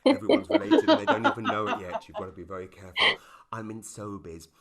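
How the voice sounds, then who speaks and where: A middle-aged man with a British accent performs stand-up over a video call. His pitch swings widely as he tells his stories, and he drops quick asides before loud punchlines. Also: huge pitch swings, vocal fry, a crowd in the background. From Britain. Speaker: stand-up comedian. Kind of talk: stand-up routine.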